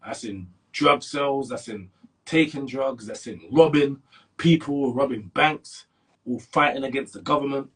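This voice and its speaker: A middle-aged man from Brixton with a South London accent, telling his story in a casual interview with animated street talk and sudden jumps in pitch when he stresses a point. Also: a little slow, breathy edge. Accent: South London, London slang. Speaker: interview guest.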